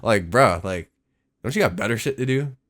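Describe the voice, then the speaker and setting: A young man giving casual, excitable reaction commentary, profane and slangy. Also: lowish voice, moderate pace. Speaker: reaction video host. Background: song playing faintly.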